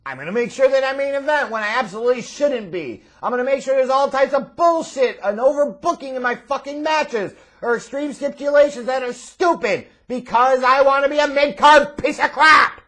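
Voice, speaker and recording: A man's voice: very high-pitched, normal speed, hardly any pauses, a bit bright, rough recording. A man putting on the voice of a smug, insecure male wrestler in a mocking, sneering parody.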